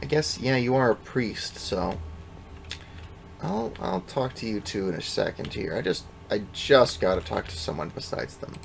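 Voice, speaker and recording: A man's voice: medium pitch, big pitch swings, moderate pace, gravelly, a little hiss or hum. Guy rambling thru his game, bouncy up and down voice, laid back and swears a bit. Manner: rambling, offhand, self-deprecating, swears casually. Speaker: let's play gamer. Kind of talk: casual gameplay commentary.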